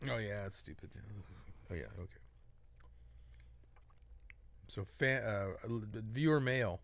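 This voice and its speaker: A man's voice: on the low side, unhurried, vocal fry, fairly bright tone, no room sound. A man co-hosting a comedy podcast, joking around and reading a listener's post aloud in casual chat. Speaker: podcast co-host.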